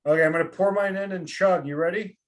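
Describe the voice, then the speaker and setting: A man's voice: sits high, steady tone, fast. Joking, foul-mouthed podcast co-host man. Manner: joking, profane, playful. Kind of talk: casual chat.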